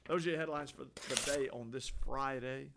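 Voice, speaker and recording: A man's voice: medium pitch, steady tone, moderate pace, vocal fry, background noise. A man hosting a daily headlines show, reading the news in an offhand, opinionated way with frequent restarts. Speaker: host. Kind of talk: casual news commentary.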